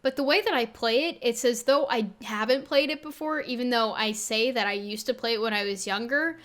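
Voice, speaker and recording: A woman with a youthful, slightly high voice reacts to her own old footage. She mocks herself freely and stumbles and restarts often. She speaks into a desk microphone on an arm. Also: a bit bright. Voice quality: sounds younger than her age. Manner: self-deprecating, halting, many restarts. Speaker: video creator and game developer. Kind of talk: casual reaction commentary. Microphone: Blue Yeti on an arm.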